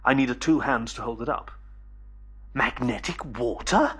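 A man narrates a first-person adventure audiobook in a steady, measured storytelling way. His voice is breathy and husky, sitting at a middle pitch.

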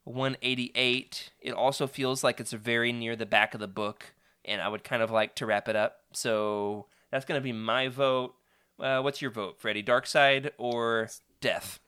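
A man's voice: medium pitch, fairly even intonation, a little slow, bright, forceful tone, smooth. A man hosting a live stream, chatting upbeat with viewers and reading a storybook aloud with frequent laughs. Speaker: host.

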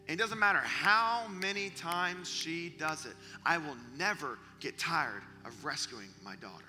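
A man preaching a sermon to young people, telling stories with energy and dropping to a hushed whisper for emphasis. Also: a little high, expressive, unhurried. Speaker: youth preacher. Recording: long hall reverb with music behind.

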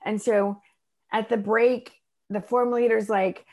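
A middle-aged woman telling a personal story in a casual chat, animated and acting out the voices of people she quotes. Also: fairly high pitch, unhurried. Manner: animated, acts out voices in her stories. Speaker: guest.

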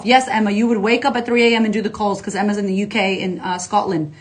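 A woman life coach on a casual livestream, talking to followers in an energetic, slangy, profane way and reading out viewer comments. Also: mid-range voice, fast, hardly any pauses.

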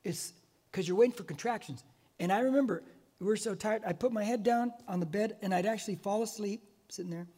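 A man in his sixties with a very high voice preaches to his church. He tells stories with a lot of life and acts out the people in them. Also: a little fast. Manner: animated storytelling, acts out voices. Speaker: pastor. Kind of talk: sermon. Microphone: wearing a mic.

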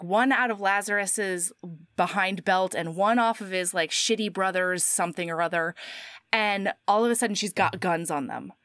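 Animated woman recapping a story. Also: medium pitch, no echo, clean studio sound. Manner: animated storytelling with frequent "like", acting out quotes. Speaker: podcast co-host. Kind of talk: casual chat, book recap.

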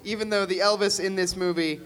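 A man's voice: high voice, fairly even intonation, brisk, fairly bright tone. A man, an actor guest, talking casually in a rambling, self-deprecating way. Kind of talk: casual chat.

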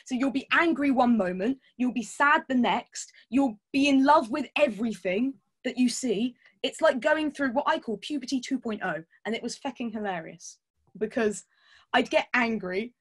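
A woman's voice: on the high side, expressive, normal speed, husky. A woman chatting candidly as a podcast guest, laughing often and swearing casually. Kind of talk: casual chat.

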